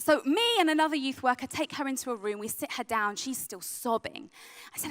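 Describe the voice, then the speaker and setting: A young adult woman who works with youth, giving an earnest sermon that drops to a soft, hushed tone on heavy points. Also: high voice, quick pace. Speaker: youth worker and speaker. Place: event venue.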